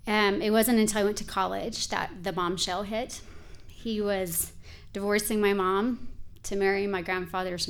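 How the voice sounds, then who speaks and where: A woman's voice: mid-range voice, gravelly. A woman in her forties telling a personal story in a candid, conversational way, with frequent filler words.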